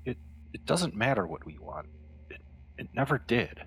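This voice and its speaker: A man's voice: medium pitch, big pitch swings, moderate pace, a bit bright, breathy edge, heavily acted. A man voicing a resigned male synthetic spy, talking in a weary, hopeless way.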